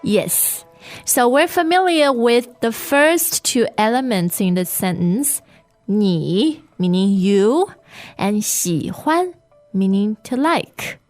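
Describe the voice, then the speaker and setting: A woman co-hosting a lesson podcast, modeling words slowly and repeating them. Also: a little high, sing-song, darkish tone. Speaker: Mandarin teacher, co-host. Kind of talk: scripted language-lesson podcast. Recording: faint music bed.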